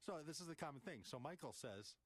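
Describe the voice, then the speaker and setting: A man hosting a call-in radio show, talking casually and reading scripture in a rambling, animated way. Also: a little high, brisk, no echo.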